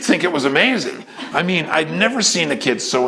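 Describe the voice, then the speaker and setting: A man telling a theater anecdote in a lively way, acting out what people said and stalling with fillers as he hunts for names. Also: fairly high pitch, brisk, gravelly, few pauses, slight background noise. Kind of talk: anecdotal storytelling.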